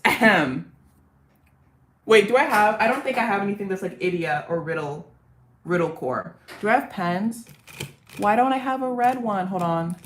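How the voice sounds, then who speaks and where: A woman's voice: mid-range voice, slight background noise. A woman streamer chatting casually about songwriting drafts, rambling and self-deprecating. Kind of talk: casual livestream chat.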